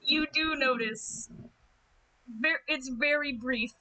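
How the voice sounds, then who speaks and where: A woman narrating a tabletop game as its game master, her voice a touch high. She tells the scene in a quick, amused way, dropping in casual swears. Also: bright, forceful tone, rough recording.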